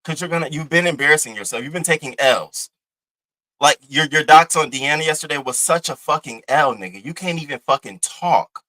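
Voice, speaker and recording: A man's voice: fairly high pitch, animated, brisk, bright, forceful tone, rough recording. A young man hosting a livestream, delivering brash, profane, taunting trash talk at a rival. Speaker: live-stream host. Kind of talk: heated livestream rant.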